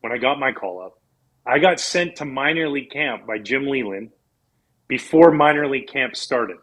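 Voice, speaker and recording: Ex-pro athlete guest, 40s, husky, animated storyteller. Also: male voice, mid-range voice, moderate pace, rough recording. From Canada. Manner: animated storyteller, acts out quoted people. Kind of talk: casual storytelling interview.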